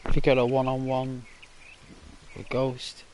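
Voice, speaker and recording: A man's voice: medium pitch, completely flat delivery, a little slow, darkish tone, a little hiss or hum. A man with a Liverpool accent, a YouTuber chatting casually and rambling to viewers while he plays a game. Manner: rambling, chatty, keeps tagging on "right?" and "you know". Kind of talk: casual gaming livestream chat.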